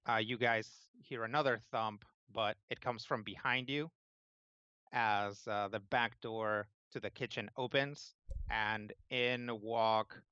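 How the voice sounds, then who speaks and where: A man's voice: mid-range voice, pushed and bright, clear, resonant tone, dry recording, highs cut off. A man narrating as game master of a tabletop game, in a loose, casual way full of fillers.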